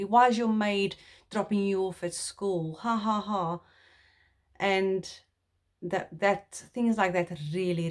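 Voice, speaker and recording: Young South African woman, heartfelt, slow and rambling to camera. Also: on the low side. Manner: earnest, heartfelt, rambling with restarts. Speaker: vlogger. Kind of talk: personal talk to camera.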